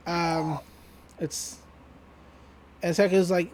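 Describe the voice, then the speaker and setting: A podcast co-host giving a casual episode recap, retelling scenes and quoting characters in lively put-on voices, loose and profane, often laughing. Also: mid-range voice, normal speed, pauses often.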